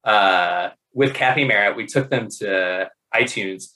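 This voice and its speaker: A man in casual conversation, telling funny work stories in an animated way, laughing often, with many fillers and restarts. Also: fairly low pitch, measured pace, low-quality recording. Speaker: podcast guest. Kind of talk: casual storytelling.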